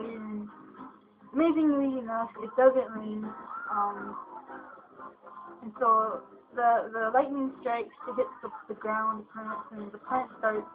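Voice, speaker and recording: Woman spinning a loose comic tale, rambling, recorded on a tinny phone-like line. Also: on the high side. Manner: rambling, lots of ums and "you know". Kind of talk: casual storytelling.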